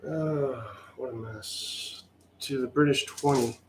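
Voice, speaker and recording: A man gives a slow, wry, sarcastic play-by-play of his own solo tabletop wargame, sounding mildly exasperated. His voice is medium-pitched, and there is noise in the background.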